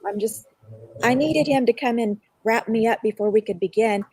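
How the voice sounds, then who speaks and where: A woman's voice: on the high side, normal speed, darkish tone, breathy edge. A woman guest on a live online show, telling a personal story in an earnest, reflective way.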